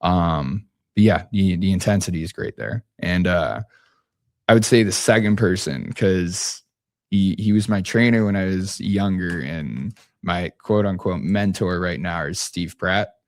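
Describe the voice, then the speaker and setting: Here the young basketball coach guest takes his time, his very low, deep voice laid-back and casual. He rambles, often breaking off and starting sentences over as if chatting on a podcast, and the recording is dry and close with no sense of a room.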